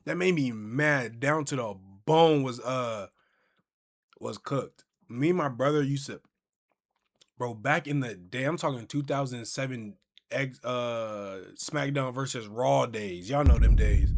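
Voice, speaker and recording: A man's voice: mid-range voice, a little slow. A man hosting a casual podcast chat, telling stories and acting out what people say. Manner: animated storyteller, acts out quotes. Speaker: podcast host.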